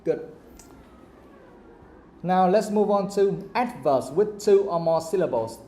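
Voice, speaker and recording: A man's voice: high voice, expressive, slow pace, mellow, echoey room. A man teaching an English grammar lesson, often checking that students understand. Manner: checks understanding with repeated questions.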